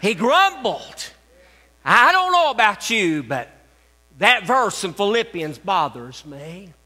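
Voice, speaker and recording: An older man preaches from the pulpit in a homespun, teasing way, circling back to the same phrases. His voice sits high and sounds piercingly bright. A long reverb trails after him through the church. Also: big pitch swings, slow pace. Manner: folksy, joking preaching with repeated phrases. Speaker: pastor. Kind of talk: sermon. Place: church sanctuary.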